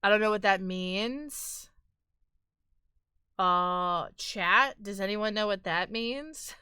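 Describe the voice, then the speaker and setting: Woman streamer, unhurried delivery, bright clear tone, teasing and mock-dramatic with chat. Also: mid-range voice, dry recording, studio quality. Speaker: livestream host. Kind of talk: casual chat with viewers.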